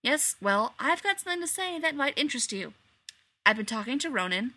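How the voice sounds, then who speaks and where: A woman voicing an impatient adult male scientist who speaks in a brisk, matter-of-fact way. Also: sits high, very animated, pushed and bright, pitched above the performer's own voice, heavily acted.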